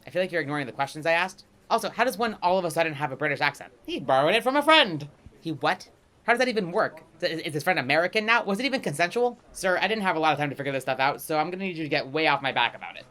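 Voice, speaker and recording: A man performing a comedic pitch-meeting sketch, trading quick lines between two characters. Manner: rapid, animated back-and-forth between two characters.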